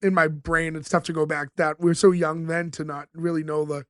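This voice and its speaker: A man's voice: on the high side, flat delivery, fairly bright tone, dry recording, clean studio sound. A man co-hosting a podcast, casually recapping an episode's scenes and quoting the characters. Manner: retells scenes, quoting characters in quick bits. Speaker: podcast co-host.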